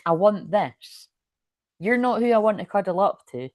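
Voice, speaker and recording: A woman's voice: mid-range voice, lively intonation, normal speed, a little mellow, dry recording, lightly acted. A woman voicing a fed-up partner who wants to leave a relationship, in a tarot reading.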